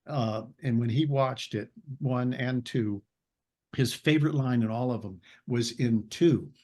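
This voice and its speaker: Older actor, casual storyteller, easygoing middle-pitched voice, meandering and chuckling, on a video call. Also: male voice, measured pace, warm tone. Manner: rambling, searches for names, laughs while telling stories. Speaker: actor, interview guest.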